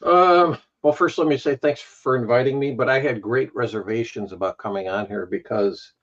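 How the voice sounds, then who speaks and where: A man's voice: medium pitch, normal speed, fairly bright tone. A man with a Chicago accent, a guest on a live stream, telling stories in a rambling, self-deprecating way. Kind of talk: casual chat on a live stream. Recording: dull lo-fi stream audio.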